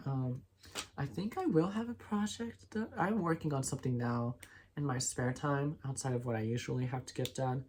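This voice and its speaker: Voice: medium pitch, moderate pace, a little mellow, a little hiss or hum. A person in their twenties chatting casually to camera as a vlogger, rambling with many ums and restarts. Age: 20s.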